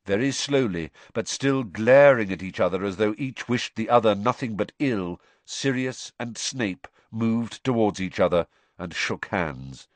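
A man reading an audiobook in scripted narration, telling the story in a steady, expressive way. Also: lowish voice, a little slow, no echo.

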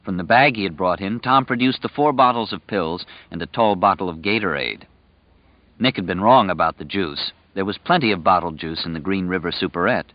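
A low-pitched male narrator reads an audiobook in a measured, storytelling way, following a script. The recording is lo-fi, dull and dry.

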